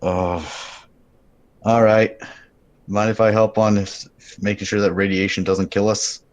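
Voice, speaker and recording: A man's voice: fairly low pitch, little pitch movement, moderate pace. A man playing a tabletop role-playing game, describing his character's actions in a wry way. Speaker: player.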